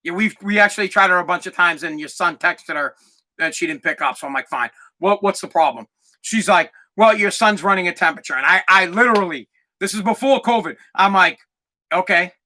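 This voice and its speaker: A man hosting a podcast, telling a comic story as an animated rant, swearing and acting out other people's voices. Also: high voice, a little fast. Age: adult parent of a twelve-year-old. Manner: animated, acts out voices, swears, gets loud when ranting. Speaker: podcast host.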